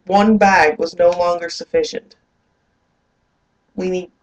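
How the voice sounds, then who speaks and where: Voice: medium pitch, poor audio. Groggy young vlogger rambling at dawn. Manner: rambling, loose and swearing. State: up early and groggy. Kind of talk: casual video diary.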